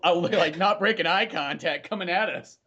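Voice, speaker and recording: A man's voice: high-pitched, normal speed, bright, forceful tone, dull audio. A young man co-hosting a podcast in casual chat, cracking crude jokes and riffing on bits. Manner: joking, crude, riffs on bits. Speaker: podcast co-host.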